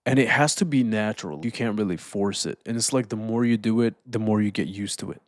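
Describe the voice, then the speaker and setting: A man giving a casual motivational talk, calm and deliberate, slowing down to stress points and often saying "man". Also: on the low side, no room sound, clean studio sound. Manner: calm, deliberate, slows down for emphasis. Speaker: self-improvement speaker.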